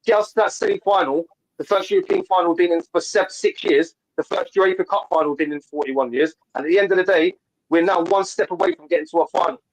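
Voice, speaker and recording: A man calls in to a fan show over a video call and talks fast about football. His voice sits a touch high for a man, and he pushes on eagerly, restarting his sentences as he goes. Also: rough recording. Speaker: caller. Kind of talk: casual fan call-in chat.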